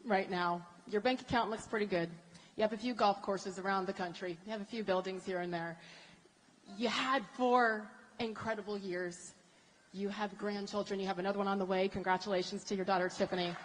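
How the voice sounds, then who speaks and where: A woman's voice: medium pitch, steady tone, brisk, a little hiss or hum. A woman asks an earnest question at a live town hall, building her point steadily and with feeling. Her voice carries a long hall reverb. A faint murmur of the event sits beneath it. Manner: building, earnest, ends in loud repeated question.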